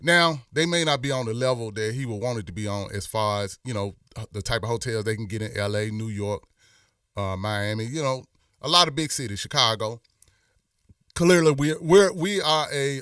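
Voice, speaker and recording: A man's voice: medium pitch, bright, forceful tone, clean tone, no echo, clean studio sound, far from the mic. A middle-aged man hosts a live stream, talking in a rambling, impassioned way with many restarts. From Memphis. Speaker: host. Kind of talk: casual live-stream talk.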